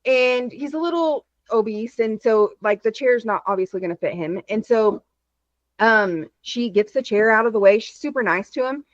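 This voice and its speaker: A woman from Texas chatting as a guest, telling stories in an animated, rapid way over a video call. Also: on the high side, no echo, dull audio. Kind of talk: casual chat.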